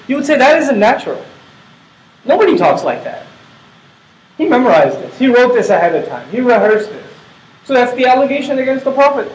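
High-voiced man teaching in an echoey room. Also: a little hiss or hum. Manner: conversational, asks the audience rhetorical questions. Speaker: Quran teacher. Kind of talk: explanatory religious lecture.

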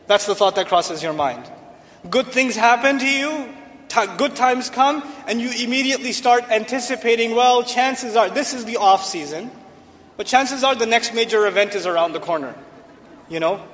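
Man, high voice, humorous Islamic lecture, rhetorical questions, stage in a reverberant hall, faint background noise. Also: lively intonation, moderate pace, fairly bright tone. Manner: asks the audience rhetorical questions, jokes. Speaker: Islamic speaker. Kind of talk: humorous lecture to a live audience.

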